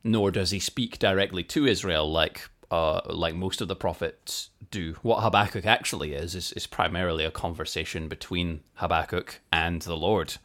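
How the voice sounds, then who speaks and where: A man's voice: deep voice, fairly even intonation, normal speed, few pauses, fairly bright tone. A man co-hosting a podcast, explaining Bible facts in a thoughtful, self-deprecating way and laughing easily. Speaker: podcast co-host. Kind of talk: casual chat and Bible teaching.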